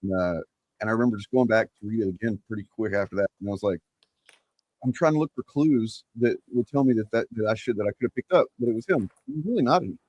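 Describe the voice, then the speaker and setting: A man's voice: lowish voice, quick pace, a little mellow, no echo, highs cut off. A man in his thirties chatting casually as a podcast co-host, rambling and joking, often laughing. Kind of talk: casual chat.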